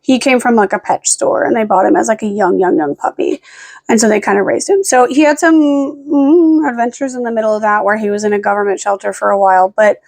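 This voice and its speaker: A tired young-sounding woman rambles through a late-night home vlog with a slightly high voice, swearing freely and barking short, firm commands at her dogs. The sound is dry and close, with dogs in the room around her. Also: steady tone, brisk, gravelly, darkish tone, no room sound. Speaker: vlogger. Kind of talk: casual vlog talk.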